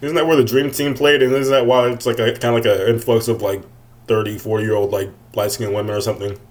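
A man's voice: medium pitch, little pitch movement, fast talker. A man in his twenties telling a rambling story over a remote call, full of fillers. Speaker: podcast co-host. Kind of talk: casual storytelling.

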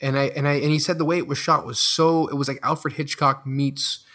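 A man's voice: a little high, flat delivery, a little fast, sharp tone. A man hosting a casual interview, enthusiastic and stumbling over his words as he asks questions.

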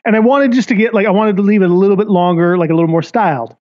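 A man's voice: high voice, rapid-fire, muffled recording. A man telling a story in casual chat, rambling with lots of fillers and acting out what others said.

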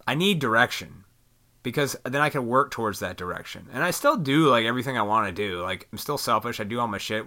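A man rambling in a casual venting monologue to his viewers, swearing freely and animated. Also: mid-range voice. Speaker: vlogger.

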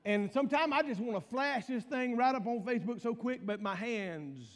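A man's voice: very high voice, moderate pace, big-room sound. A male pastor preaching a humorous sermon, telling folksy stories and calling out to the congregation. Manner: folksy storytelling with call-outs to the congregation.

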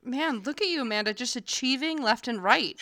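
Bright, clear-voiced woman podcast co-host. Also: sits high, expressive, fairly quick, dry recording, clean studio sound. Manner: chatty, teasing, slangy. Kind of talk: casual chat.

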